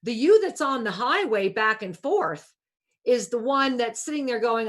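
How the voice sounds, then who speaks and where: A woman's voice: on the high side, animated, unhurried. A woman hosting a spiritual talk radio show, coaching a caller in a soothing, affectionate way and calling her pet names.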